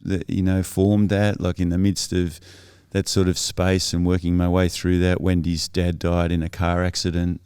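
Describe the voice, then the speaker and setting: Deep-voiced man telling his story. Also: monotone, moderate pace, hardly any pauses, darkish tone, clear, resonant tone, dry recording, clean studio sound. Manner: earnest, thoughtful, with frequent self-corrections. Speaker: podcast guest. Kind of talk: reflective interview storytelling.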